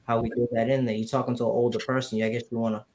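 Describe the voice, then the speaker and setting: A man co-hosting a casual podcast chat, emphatic and animated, repeating his points and rising in pitch when surprised. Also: rapid-fire, heavy background noise. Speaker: co-host, real estate investor.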